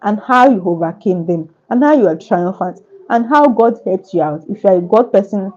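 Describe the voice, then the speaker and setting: A woman author fields questions at a book launch in an earnest, repetitive, sermon-like way. Her voice is dark and mellow, and the recording is dull and lo-fi. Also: medium pitch, expressive, moderate pace. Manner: earnest, repetitive, preacher-like phrasing.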